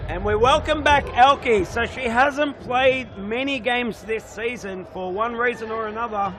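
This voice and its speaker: A man with a very high voice gives chatty, jokey live commentary on a futsal match in an indoor stadium, speaking unhurriedly. He banters with the referee, and crowd noise from the sports hall fills the background.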